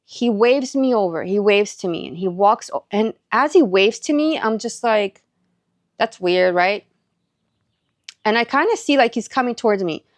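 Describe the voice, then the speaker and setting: A woman's voice: fairly high pitch, normal speed, no echo. Chatty woman telling a story, dry sound. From Southern California. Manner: chatty, animated retelling with many likes and quoted dialogue. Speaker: faith and encouragement vlogger. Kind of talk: casual storytelling.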